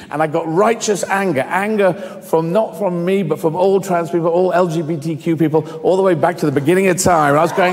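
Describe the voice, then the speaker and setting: A middle-aged man telling personal stories in an animated way, swearing freely and acting out voices. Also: on the high side, a little fast. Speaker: guest. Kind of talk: storytelling in conversation. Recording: echoey hall reverb.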